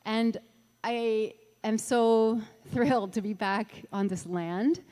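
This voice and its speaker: A woman's voice: a little high, slow, mellow, long reverb tail. A middle-aged woman from Ontario, a singer-songwriter chatting between songs on an outdoor festival stage, rambling with lots of fillers and laughs. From Ontario, Canada. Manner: rambling, laughs often, many fillers and restarts. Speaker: singer-songwriter performing live.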